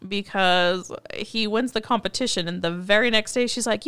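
A woman's voice: medium pitch, brisk, few pauses, smooth, dry recording. A woman co-hosting a casual chat, animatedly retelling scenes and quoting the characters. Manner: chatty, animated retelling with quoted lines. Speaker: podcast co-host. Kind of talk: casual chat recapping a TV movie.

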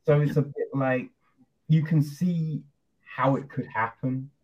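A man's voice: mid-range voice, steady tone, measured pace, a little mellow, highs cut off. A man interviewing guests in a loose, chatty way, full of fillers. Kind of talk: casual interview chat.

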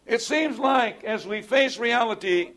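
A man's voice: very high-pitched, unhurried, a bit bright. A man teaching a Bible study in an earnest lecturing way, often asking rhetorical tag questions of his listeners.

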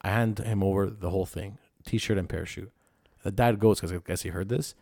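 A man in casual chat who tells animated stories and swears often. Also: fairly low pitch, a little fast, creaky, no echo, studio quality.

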